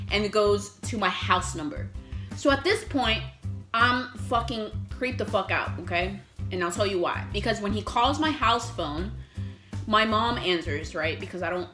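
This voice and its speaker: A woman's voice: medium pitch, sharp tone. A young adult woman vlogger telling a story in a chatty, casual way, swearing freely and acting out what people said. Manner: chatty, swears a lot, acts out quotes. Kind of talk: casual storytelling while eating. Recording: echoey room with faint music.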